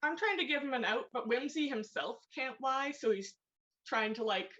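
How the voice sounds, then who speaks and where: A woman's voice: sits high, animated, moderate pace, fairly bright tone. Chatty woman player, lo-fi audio. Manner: chatty, explains her moves with fillers. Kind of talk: casual tabletop play.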